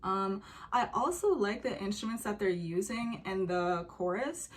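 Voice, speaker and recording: Unhurried and medium-pitched, this young woman talks casually through a song's music as she reacts to it. Fillers pepper her speech, and she hums or sings short passages to make her points.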